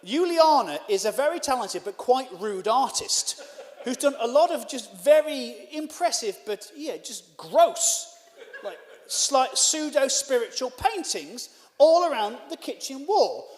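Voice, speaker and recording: Lively high-voiced male stand-up comedian. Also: a little slow, long reverb tail. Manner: animated, self-deprecating storytelling. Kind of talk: stand-up storytelling. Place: live venue.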